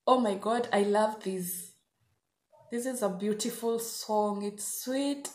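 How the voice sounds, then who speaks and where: A woman's voice: medium pitch, slow pace, darkish tone. A woman hosting her own reaction vlog, talking in an effusive, gushing way. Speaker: reaction video host. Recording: roomy echo.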